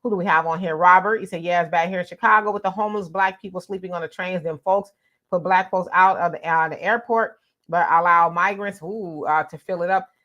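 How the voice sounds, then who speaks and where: A woman hosting a livestream, greeting viewers by name and reading out their comments in a relaxed way. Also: fairly low pitch, brisk, muffled recording. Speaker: host.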